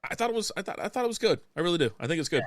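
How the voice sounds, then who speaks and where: A man's voice: sits high, big pitch swings, rapid-fire, dry recording, studio quality. A man from Texas co-hosting a casual beer podcast, telling stories with frequent laughter and plenty of swearing. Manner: laughs often while storytelling, swears freely. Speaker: podcast co-host. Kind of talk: casual chat over beers.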